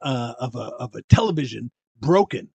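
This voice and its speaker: An older man telling stories in a casual podcast interview, animated and acting out voices, with many restarts. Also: medium pitch, brisk, creaky, slightly rough, no room sound. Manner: frequent restarts and stammers. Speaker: guest, bubble performer. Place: podcast room.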